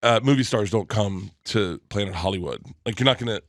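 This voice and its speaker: A man voicing an unimpressed restaurant hostess in a flat, lowered, dismissive voice. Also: brisk, no room sound, clean studio sound.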